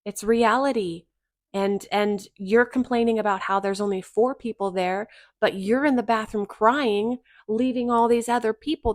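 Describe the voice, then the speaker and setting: A woman's voice: mid-range voice, no room sound. Woman host, middle-aged, blunt and sarcastic reaction commentary, dry close sound.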